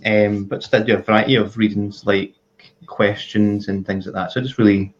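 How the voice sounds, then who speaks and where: A man's voice: lowish voice, little pitch movement, normal speed, lo-fi sound. A male guest medium on a remote video call, talking hesitantly with many fillers. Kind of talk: casual live-stream chat.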